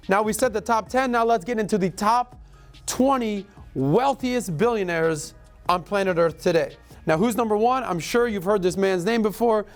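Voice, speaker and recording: Breezy man hosting a money podcast. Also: sits high. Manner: breezy, joking asides. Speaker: podcast host. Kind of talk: casual rapid-fire rundown.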